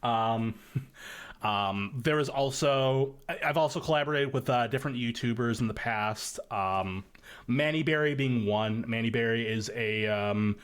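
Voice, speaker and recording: A man's voice: medium pitch, clean tone. A young man chatting casually on a podcast, rambling through his thoughts with frequent ums and restarts. His voice sits in an ordinary middle register for a man. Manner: rambling, many fillers and restarts. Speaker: podcast guest, machinima creator.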